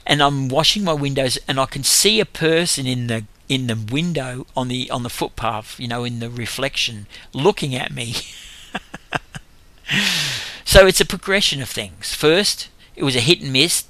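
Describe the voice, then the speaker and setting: Bright-voiced older man telling stories. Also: mid-range voice, moderate pace, dry recording. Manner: animated storytelling with laughs. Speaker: street evangelist. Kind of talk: testimony talk.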